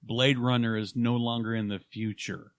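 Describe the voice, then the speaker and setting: Oklahoma guy cohosting a podcast, jokey and lively, dry close mic. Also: mid-range voice, moderate pace, dry recording. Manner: joking, animated, trails off mid-sentence. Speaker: podcast co-host. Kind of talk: casual chat.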